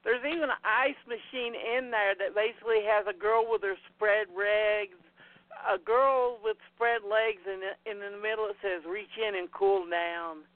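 A man's voice: high-pitched, fairly even intonation, normal speed, dry recording. A man hosting a casual podcast chat, rambling through crude plot summaries. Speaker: podcast host. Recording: tinny phone-like line.

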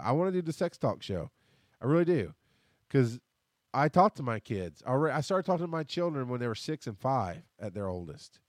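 A man's voice: mid-range voice, dry recording, clean studio sound. A man in his thirties hosting a podcast, talking bluntly and rambling through a casual personal monologue, swearing freely. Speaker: podcast host. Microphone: headphones and desk mic.

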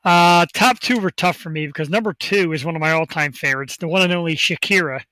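A man's voice: a little high, fast talker, pushed and bright, dry recording, low-quality recording. A man hosting a casual podcast from a home studio, talking with upbeat, rambling enthusiasm into a desk microphone. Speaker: host.

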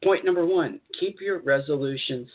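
Guy hosting a spirit-channeling talk show, encouraging, kinda husky, sounds like a phone line. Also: fairly high pitch, moderate pace. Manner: encouraging, repetitive, reads articles aloud with asides. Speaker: host channeling spirit guides. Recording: tinny phone-like audio.

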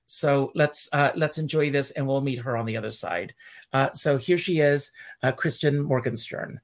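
A man hosting a casual chat-show interview, animated and speaking directly to his audience. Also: medium pitch, moderate pace. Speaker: host.

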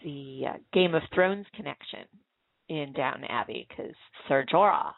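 A woman's voice: a bass voice, expressive, unhurried, gravelly, no echo. A woman hosting a casual talk show, telling stories in a rambling way with plenty of fillers and restarts. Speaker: host. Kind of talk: casual podcast chat. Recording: tinny phone-line call.

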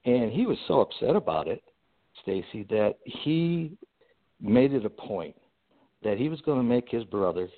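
A man in the middle of his range tells a personal story with lively energy, stumbling through fillers and restarts as he builds it. His voice comes through a thin, tinny, phone-like line. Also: mid-range voice, unhurried. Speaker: guest entrepreneur. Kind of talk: storytelling in a podcast interview.

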